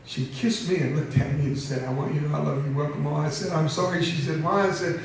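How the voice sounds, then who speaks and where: A man in his seventies tells a story to a crowd, mixing jokes with emotion and laughing often. His voice sits a little high for a man. It rings through a large echoey hall, picked up from a distance with faint ambience behind. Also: fairly even intonation, fast, slight background noise. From United States. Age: 70s. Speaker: motivational speaker. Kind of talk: storytelling speech to an audience.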